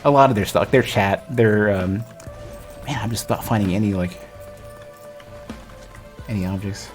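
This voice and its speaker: Streamer, male, lowish voice, loose rambling chat over faint game music. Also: moderate pace. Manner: rambling, self-interrupting, lots of restarts. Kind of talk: casual gaming stream chat.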